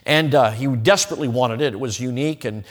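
An emphatic male preacher delivers an evangelistic sermon, moving between forceful loud phrases and hushed, drawn-out ones. His voice sits at an ordinary male pitch. It rings through a church sanctuary with a long hall reverb. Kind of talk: evangelistic sermon with altar call.

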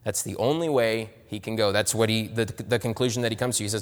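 A man preaching a sermon, swinging between loud emphatic lines and soft, low asides. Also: steady tone, quick pace, hardly any pauses, long reverb tail.

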